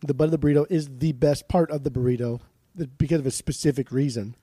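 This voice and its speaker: A young man chats loosely and laughs at his own riffs in a casual podcast. His voice sits a little high with a warm, mellow tone. The sound is dry and close, with no room around it. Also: fairly even intonation, fast talker, breathy edge, no echo. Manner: goofy, laughs often, rambling riffs. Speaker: podcast co-host. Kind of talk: casual chat.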